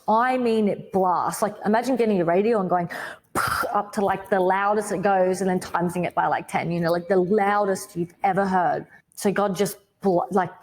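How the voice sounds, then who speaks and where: A woman with an Australian accent tells her faith testimony on a podcast, her voice sitting a little low for a woman. She tells it vividly and dramatically, leaning on "like" and breaking into sudden loud bursts. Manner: vivid storytelling, says "like" a lot. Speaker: podcast guest.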